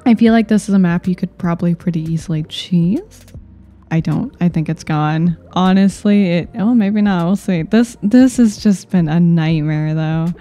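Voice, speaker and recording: A woman's voice: lowish voice, normal speed, dark tone, soft background music. A woman giving casual gameplay commentary, thinking aloud in a wry, self-mocking way.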